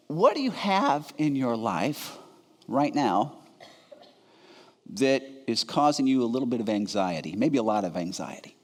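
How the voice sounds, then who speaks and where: A man preaching a sermon, telling a self-mocking story with animated delivery and frequent stammered restarts. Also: medium pitch. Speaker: pastor. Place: church sanctuary. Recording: reverberant church hall.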